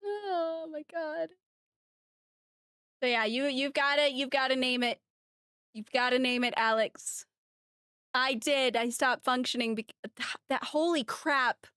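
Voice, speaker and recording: Excitable high-voiced woman streamer. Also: a little slow, smooth, dry recording, studio quality. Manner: excitable and gushing, thanking chat. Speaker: game streamer. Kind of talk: casual live-stream chat.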